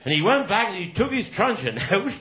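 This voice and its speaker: A man telling crude stand-up jokes with lively delivery and laughter. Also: sits high, brisk. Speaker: stand-up comedian. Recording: roomy echo.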